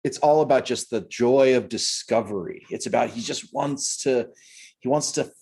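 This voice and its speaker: A man co-hosting a podcast, chatting casually about films in an animated way and laughing often. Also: mid-range voice, normal speed, vocal fry, breathy edge. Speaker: podcast co-host.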